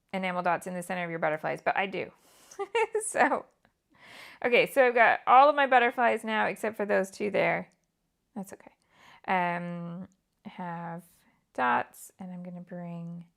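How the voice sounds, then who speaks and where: A woman with a British accent hosting a live scrapbooking stream. She chats casually and drops into soft, half-whispered asides to herself as she works. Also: medium pitch, vocal fry. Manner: chatty, muttering half-whispered asides to herself while working. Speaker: scrapbooking livestream host. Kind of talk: casual live crafting chat.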